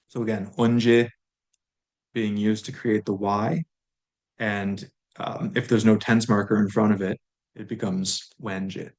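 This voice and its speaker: Learners hear a man explaining grammar at an easy pace in a prerecorded lesson, slowly going over words again and again. His voice is on the lowish side.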